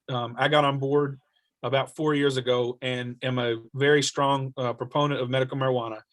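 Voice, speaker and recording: A man's voice: mid-range voice, fairly bright tone. A man who serves as a state representative, answering questions on a video call and telling stories earnestly, with many restarts.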